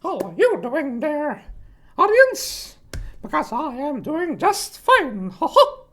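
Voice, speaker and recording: A chipper cartoon mouse with a squeaky, bouncing falsetto that keeps breaking into little laughs. The voice leaps all over the place, bright and playful, always sounding pleased with itself. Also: male voice, huge pitch swings, slow, full character voice. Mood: giddy. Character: famous cheerful cartoon mouse, high and giggly. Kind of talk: live-stream voice impression.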